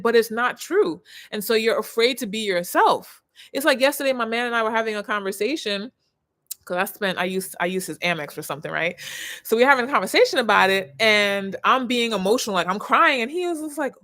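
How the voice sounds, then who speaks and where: A woman in her thirties, a personal branding coach, talking on a live stream in an expressive way that swings from soft to loud. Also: a little high, fairly quick.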